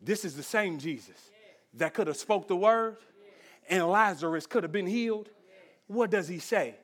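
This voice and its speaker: High-voiced preaching pastor, man. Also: lively intonation, a little slow. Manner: rhythmic preaching, rising to shouts then dropping to a hushed prayer. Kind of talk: sermon and closing prayer.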